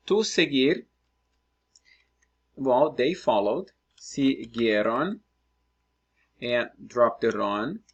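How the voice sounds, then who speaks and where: A man teaching Spanish, working through practice exercises out loud and thinking aloud as he writes. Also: medium pitch, creaky, breathy edge. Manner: slow, patient, thinking aloud while writing. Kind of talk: screen-recorded lesson, working through exercises.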